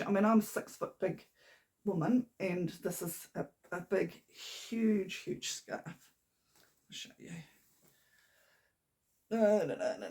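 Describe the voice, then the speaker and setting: A woman's voice: medium pitch, creaky, darkish tone. A woman, hosting a knitting podcast from home in a chatty, rambling way, her voice a little shaky. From New Zealand. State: slightly shaky voice. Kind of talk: casual chat. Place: home room. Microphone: camera on a tripod.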